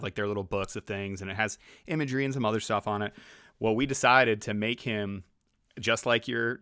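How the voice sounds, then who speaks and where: A man co-hosting a podcast, telling stories in a casual, animated way and often slipping into other people's voices. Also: lowish voice, dry recording, studio quality. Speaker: podcast co-host. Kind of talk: casual storytelling chat.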